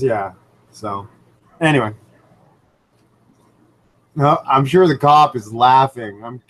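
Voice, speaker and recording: A man's voice: medium pitch, low-quality recording. A man hosting a casual livestream from home by a fish tank, telling stories animatedly with lots of fillers and restarts. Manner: animated storyteller, rambling with many fillers. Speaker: livestream host. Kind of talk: casual live chat and anecdote. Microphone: computer microphone.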